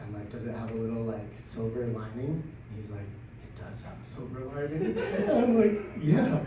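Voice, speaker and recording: A man telling a personal story at a live storytelling event, excitable and laughing through it. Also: medium pitch, moderate pace. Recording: echoey, distant, dull live recording with noise.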